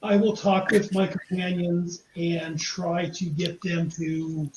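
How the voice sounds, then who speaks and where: High-voiced, polite male player. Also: level tone, slow pace, roomy sound, noisy background. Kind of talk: casual tabletop play.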